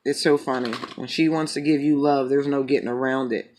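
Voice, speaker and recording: A man's voice: medium pitch, fairly even intonation, a little fast, a little mellow, slight background noise. Joking, foul-mouthed tarot-reading man. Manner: joking, profane, rambling. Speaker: tarot reader. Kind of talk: casual chat and tarot reading.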